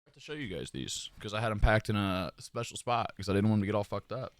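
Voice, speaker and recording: A young man streaming live, chatting casually with his viewers and giving them loud, profane, hyped-up shout-outs. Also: fairly low pitch, fast, no room sound.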